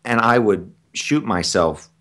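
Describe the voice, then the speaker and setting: A male stage actor being interviewed, chatting in an animated, talkative, self-deprecating way. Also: lowish voice, takes it slowly, background noise. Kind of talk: casual interview chat.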